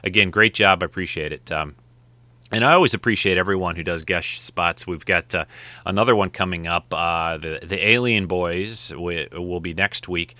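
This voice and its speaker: Deep-voiced podcast host. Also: male voice, moderate pace, bright, forceful tone, no room sound. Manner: chatty, rambling with friendly asides. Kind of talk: casual solo podcast talk.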